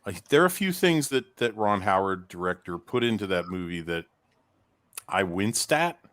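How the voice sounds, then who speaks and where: A man's voice: fairly low pitch, big pitch swings, normal speed, fairly bright tone, dry recording. A man talking in a casual chat as a podcast co-host, telling stories in a rambling way with many restarts.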